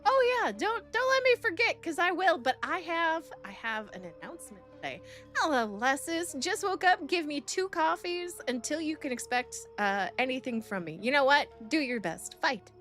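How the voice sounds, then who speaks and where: Bubbly high-voiced woman streamer. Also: normal speed, faint music behind. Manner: bubbly, excitable, swings high on greetings. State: nervous and excited. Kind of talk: casual live-stream chat, greeting chat.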